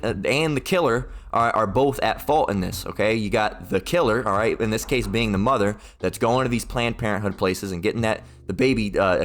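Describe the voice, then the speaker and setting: A man delivering an informal, unscripted sermon-style rant at a middle pitch. He talks bluntly and swears freely, circling back on his points and checking in with listeners. He sometimes jumps up into squeaky mocking voices. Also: a bit bright. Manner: blunt and profane, rambling, peppered with "all right?" and "okay?"; mocks opponents in raised put-on voices. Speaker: street-style preacher.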